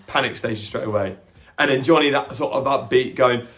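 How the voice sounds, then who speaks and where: A man hosting a podcast, retelling a film with animated energy, jumping into quick character quotes and stumbling over restarts now and then. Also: mid-range voice, faint music behind. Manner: occasional stammering restarts. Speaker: podcast host reviewing a film. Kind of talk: casual film reaction recap.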